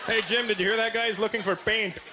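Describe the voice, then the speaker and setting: A man's voice: sits high, fairly even intonation, fast talker, very noisy, lightly acted. A man doing a sneering store clerk. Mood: mocking. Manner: sneering, mocking. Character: mocking male hardware store worker.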